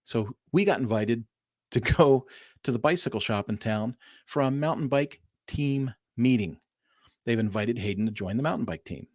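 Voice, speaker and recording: A middle-aged man from Southern California talks straight to his livestream audience in a casual, animated storytelling way. His voice sits at an ordinary middle pitch. It is recorded close and dry, with no room sound around it. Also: normal speed, no echo. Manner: animated storyteller addressing viewers as "folks". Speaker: livestream host.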